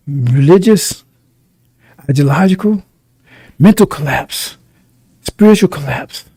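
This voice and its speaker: A man's voice: a little high, creaky, mellow, husky, no echo. A man preaching a sermon in an emphatic, repetitive way, often turning to ask his listeners if they understand.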